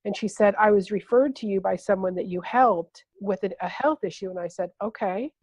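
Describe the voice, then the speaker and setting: A woman's voice: medium pitch, fairly quick, a little mellow, breathy edge, no room sound. Middle-aged woman coach, chatty storyteller, dry close sound, repeats herself for emphasis. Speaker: intuitive empowerment coach, guest. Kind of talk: conversational podcast interview.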